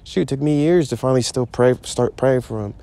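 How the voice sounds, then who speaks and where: A man's voice: medium pitch, a little fast, gravelly, dark tone. A man giving an informal, conversational sermon, emphatic and repetitive in his delivery. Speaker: preacher.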